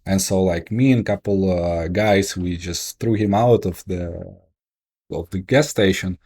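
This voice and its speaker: Dark-voiced Ukrainian-accented man. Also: low voice, breathy edge. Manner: animated, halting, many restarts and fillers. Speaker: guest, investor and entrepreneur. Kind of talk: casual interview storytelling.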